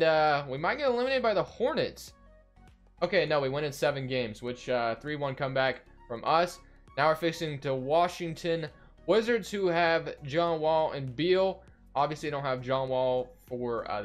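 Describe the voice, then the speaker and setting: A man's voice: medium pitch, moderate pace, faint music behind. A young man casually commentating his basketball video game, rambling and thinking aloud with lots of fillers. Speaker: gaming video host.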